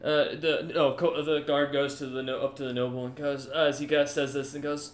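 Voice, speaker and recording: A man's voice: mid-range voice, little pitch movement, brisk, hardly any pauses, roomy sound. A man running a tabletop game as game master, narrating in a rambling way full of restarts.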